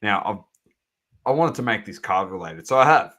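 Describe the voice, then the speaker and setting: A man's voice: lowish voice, expressive, normal speed, long pauses, sharp tone. An Australian man co-hosting a sports podcast, chatting casually in blunt, sweary slang. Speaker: podcast co-host.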